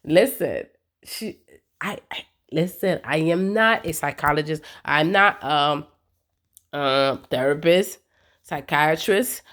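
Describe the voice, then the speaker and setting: Woman, vlogger, reality TV recap, casual, slangy, emphatic, animated. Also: low-pitched, slow. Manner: animated, emphatic, slangy, talks straight to viewers.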